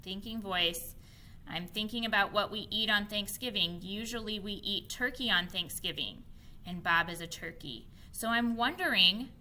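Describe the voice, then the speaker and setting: Bright-voiced woman teaching young readers. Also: mid-range voice, a little hiss or hum. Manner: expressive and patient, repeating key points slowly. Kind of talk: modeling a reading lesson for young children. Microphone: her own camera.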